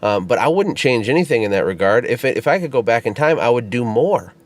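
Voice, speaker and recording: A man co-hosting a casual podcast chat, telling stories in an animated way and laughing as he goes. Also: medium pitch, quick pace, no echo. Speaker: podcast co-host and business founder.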